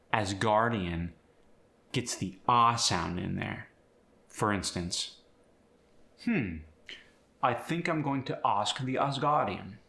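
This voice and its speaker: A man's voice: lowish voice, sharp tone. A man teaching how to speak with a British accent, explaining the sounds and then demonstrating words in the accent. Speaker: acting and accent coach. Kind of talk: instructional video.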